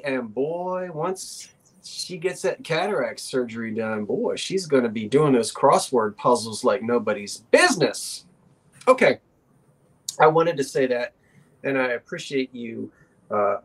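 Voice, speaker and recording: A man co-hosting a live online auction, talking in a folksy, gently enthusiastic way. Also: fairly high pitch. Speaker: auction co-host.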